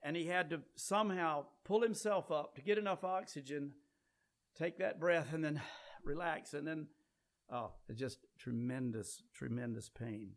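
Guy preaching a sermon, kinda high voice, gets loud then drops way down quiet. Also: measured pace. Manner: swings from loud emphatic peaks to low quiet passages.

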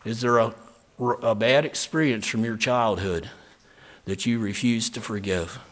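A male pastor giving an emphatic sermon with a bright, ringing voice. His pitch sits in an ordinary middle range. He swings from soft, earnest talk to loud, stressed lines as he tells a personal story. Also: a little slow.

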